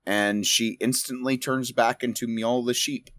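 A man's voice: medium pitch, steady tone, normal speed, hardly any pauses, fairly bright tone, no room sound, studio quality. A man running a tabletop game as game master, narrating casually and with some swearing.

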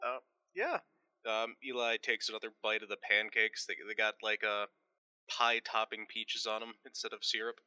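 A man playing in a casual tabletop roleplay game, relaxed and easygoing. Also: fairly low pitch, moderate pace, smooth, no echo. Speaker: player.

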